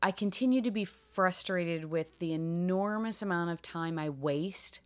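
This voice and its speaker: A woman's voice: on the low side, a little slow. A woman co-hosting a podcast in casual, reflective chat. She speaks earnestly and openly, chuckling now and then. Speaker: podcast co-host, realtor.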